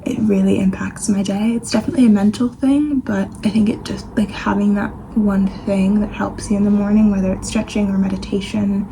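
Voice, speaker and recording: A woman's voice: medium pitch, fairly even intonation, a little fast, few pauses, a little hiss or hum, rough recording. A young woman chatting casually in a home vlog, rambling with lots of fillers and sometimes dropping to a near-whisper. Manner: soft, sometimes half-whispered. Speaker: vlogger. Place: home, kitchen and getting ready. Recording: audible room ambience behind the voice.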